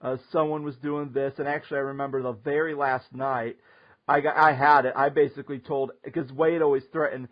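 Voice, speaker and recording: A man hosting a casual talk show, telling a story in an animated way and laughing often. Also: mid-range voice, a little fast. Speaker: podcast host. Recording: muffled lo-fi audio.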